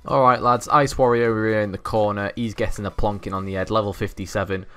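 A man's voice: lowish voice, fairly even intonation, fast talker, fairly bright tone, clear, resonant tone. A young man, host of a gaming channel, giving cocky, boastful gameplay commentary full of banter and swearing.

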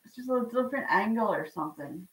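A woman's voice: mid-range voice, expressive, racing, a bit bright, echoey room. A woman co-hosting a live auction stream, trading teasing banter and greeting viewers with frequent laughs. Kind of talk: casual live-stream chat. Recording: voice heard from a distance.

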